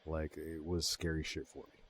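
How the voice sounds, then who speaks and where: Low husky man chatting. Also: monotone, moderate pace. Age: 30s. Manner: laid-back, swears a lot, retells scenes. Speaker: podcast co-host. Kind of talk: casual movie-review chat.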